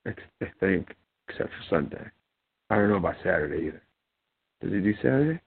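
A podcast host from Ohio runs a casual talk show in a deep, gravelly, husky voice that's expressive and fairly quick. He mumbles and rambles with many fillers and restarts, and the recording sounds tinny, like a phone.

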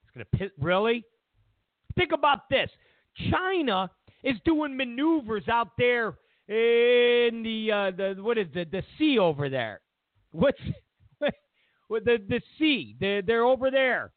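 This talk show host has a very high voice with lively intonation and speaks slowly, with no room sound in the tinny, narrowband recording. His political commentary is opinionated, full of rants and mockery as he acts out quotes.

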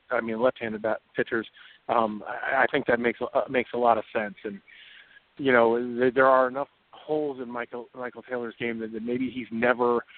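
A man on a casual sports podcast, talking in a hesitant way with many restarts, over tinny audio. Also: mid-range voice. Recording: tinny phone-line audio.

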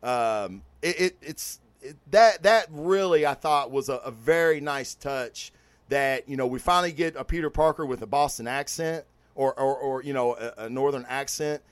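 A man hosting a casual podcast, reviewing a movie and comics in an excited, profane, rambling way with many restarts. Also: mid-range voice, normal speed, no room sound. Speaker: podcast host.

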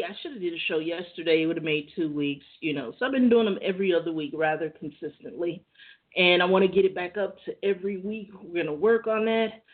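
Chatty woman host, tinny audio. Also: lowish voice. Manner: chatty, conversational, laughs easily. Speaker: podcast host. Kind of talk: casual monologue.

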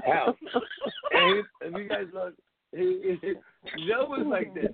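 Lively man on a noisy phone line. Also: high-pitched, moderate pace, gravelly, over a noisy crowd. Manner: animated, swears often, quotes friends in lively voices. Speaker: call-in show host. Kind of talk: casual storytelling chat. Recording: phone-line audio with hiss.

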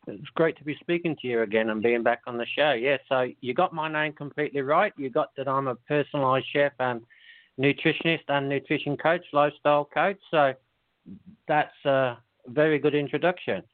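A man's voice: mid-range voice, fairly quick, no room sound. Australian man, friendly guest on a phone line. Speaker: guest nutrition coach. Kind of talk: radio interview. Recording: dry tinny phone line.

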